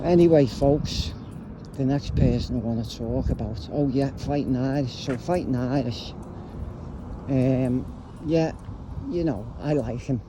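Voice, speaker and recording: A YouTuber rambles bluntly into his phone while walking down a street, giving a casual vlog rant. His middle-pitched voice is a little slow, with clear traffic and street noise behind him.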